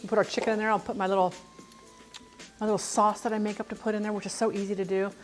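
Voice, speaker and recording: A woman's voice: mid-range voice, little pitch movement, racing. Middle-aged woman, chatty, rambling, self-deprecating, cooking livestream, faint music behind. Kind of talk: casual chat while cooking on a livestream.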